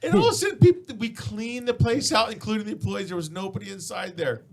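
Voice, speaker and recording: A man's voice: high-pitched, expressive, quick pace, creaky, a crowd in the background. A man hosting a casual chat show, telling loose, profane stories through laughter. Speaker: podcast host.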